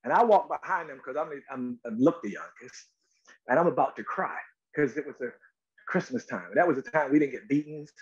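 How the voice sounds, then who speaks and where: A man's voice: mid-range voice, fairly quick, muffled recording. A middle-aged man from North Carolina telling stories in an interview, repeating words and acting out quotes. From North Carolina, USA. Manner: animated storyteller, repeats words, acts out quotes. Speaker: actor guest. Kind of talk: storytelling interview.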